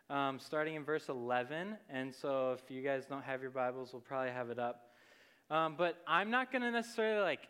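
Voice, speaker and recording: Young man, casual preacher, conversational, smooth voice, slightly high pitch. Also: a bit bright. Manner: conversational, many fillers and "like". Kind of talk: casual sermon.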